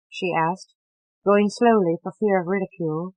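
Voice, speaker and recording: A woman audiobook narrator reading a novel with a measured, dramatic delivery that drops to hushed passages. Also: on the low side, fairly even intonation, dry recording, muffled recording. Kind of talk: scripted literary narration.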